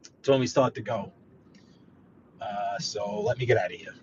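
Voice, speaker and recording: A man from Brooklyn with a New York accent, hosting a rambling, animated live stream from his parked car and talking straight to his viewers. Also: fairly low pitch, normal speed, dull audio, a little hiss or hum. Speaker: livestream host. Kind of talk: casual live-stream chat while driving. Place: parked car on a city street.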